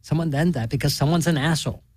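A man's voice: fairly high pitch, fast, husky, no echo, pitched above the performer's own voice. A man voicing a sarcastic, crude young woman in a storybook reading. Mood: snappy.

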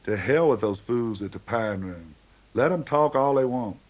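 A man voicing a brooding, restless young man who talks gruffly and mutters. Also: mid-range voice, expressive, normal speed, muffled recording, natural voice.

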